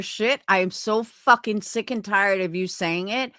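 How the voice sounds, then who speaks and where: A woman in a heated stream argument, combative and profane, laying out her point deliberately. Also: mid-range voice, pushed and bright, dry recording, studio quality.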